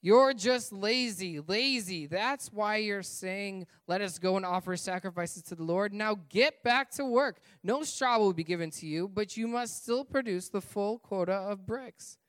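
A man's voice: high-pitched, moderate pace, few pauses, smooth, dry recording, studio quality, lightly acted. A man giving voice to a stern, angry pharaoh during a scripture reading, with raised and emphatic delivery. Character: stern angry male pharaoh, harsh ruler.

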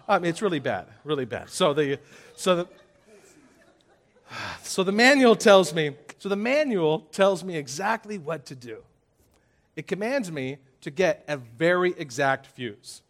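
A man preaching a sermon with a lively, playful delivery. He has his listeners repeat phrases back and jokes with exaggerated complaints. His voice sits slightly high for a man. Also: a little slow. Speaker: pastor.

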